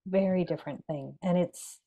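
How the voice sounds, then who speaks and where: A woman who is a meditation teacher, speaking as a podcast guest in a measured, gentle, reflective way with pauses and fillers. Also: on the low side.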